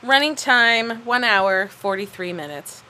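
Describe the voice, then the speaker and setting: A woman co-hosting a podcast, recapping a movie in casual chat, sarcastic and animated, swearing freely. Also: a little high, a little slow, slight background noise, low-quality recording. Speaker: podcast co-host.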